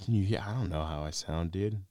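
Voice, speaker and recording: A man's voice: deep voice, a little fast, dark tone, no echo. A young man from the North Carolina mountains hosting a podcast, joking and telling stories in a casual chat into a studio mic. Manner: playful, joking, storytelling with quoted voices. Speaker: podcast host.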